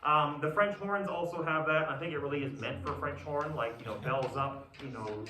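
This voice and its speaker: A man's voice: on the high side, moderate pace, noisy background. A man conducting a community band rehearsal, explaining phrasing, singing lines and counting the players in. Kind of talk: rehearsal instruction. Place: large rehearsal room. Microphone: distant camera mic. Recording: roomy, distant, with band music. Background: band instruments.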